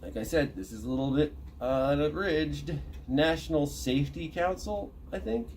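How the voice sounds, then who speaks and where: Man, casual reader, mellow voice, self-correcting, looks things up mid-read, faint background hum. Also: a little high, lively intonation, moderate pace. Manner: reads a list aloud, stopping to look things up and correct himself. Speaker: channel host reading a thread. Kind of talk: casual reading with commentary.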